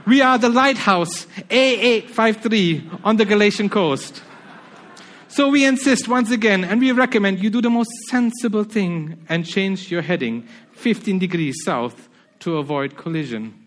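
A preacher plays a stubborn Spanish lighthouse keeper: put-on Spanish accent, raised voice, loud and unbudging. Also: male voice, sits high, normal speed, voice pushed up. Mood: defiant. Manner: loud, insistent, mocking calm. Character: defiant Spanish lighthouse keeper, adult man. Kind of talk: reading a story aloud in a sermon.

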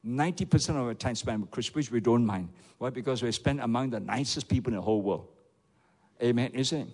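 Malaysian pastor preaching in a reverberant hall. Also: male voice, medium pitch, fast talker, a little mellow. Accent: Malaysian English. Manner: rhetorical, repeatedly asks the audience for replies. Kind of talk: sermon.

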